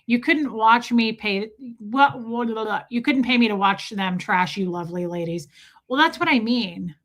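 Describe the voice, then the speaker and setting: A young woman hosts a casual livestream, chatting candidly and reading viewer comments aloud. Her voice is bright and forward, pitched a little high. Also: moderate pace. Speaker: livestream host reading chat.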